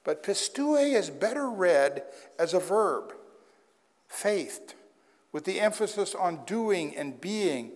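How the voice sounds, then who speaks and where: A man's voice: high-pitched, very animated, slow pace. A man preaching a sermon as pastor in a conversational way, with wry asides. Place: church sanctuary. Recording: long hall reverb.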